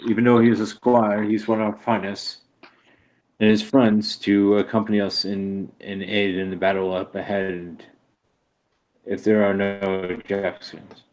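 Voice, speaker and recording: Man playing a grandmaster, low-voiced knight leader, formal announcement tone. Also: level tone, unhurried, a little mellow, lightly acted, rough recording.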